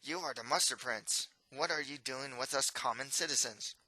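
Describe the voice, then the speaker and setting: A courteous wolfman addresses royalty in a calm, respectful way, as a man reading his storybook gives him lines. The voice is bright and sits close and dry. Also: medium pitch, moderate pace, no room sound, poor audio. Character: polite brown-furred male wolfman.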